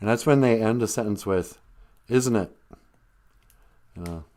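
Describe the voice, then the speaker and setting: A man's voice: on the low side, quick pace, a little mellow. A man with a Minnesotan accent hosting a live stream, rambling through jokes and laughing at them himself. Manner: rambling, joking, laughs at his own jokes. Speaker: host. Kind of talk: comedic live-stream monologue.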